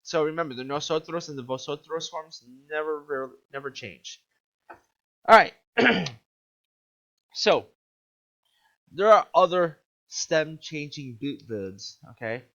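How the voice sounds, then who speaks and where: A man's voice: fairly high pitch, lively intonation, takes it slowly, a bit bright. A male Spanish teacher giving an upbeat video lesson, checking in with "okay?" and quizzing the viewer. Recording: dull lo-fi recording.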